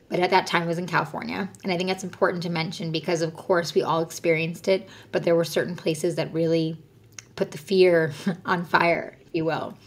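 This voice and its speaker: A woman, likely in her thirties, earnestly telling a personal story as a podcast guest, with frequent fillers. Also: on the low side. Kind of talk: personal story in casual conversation.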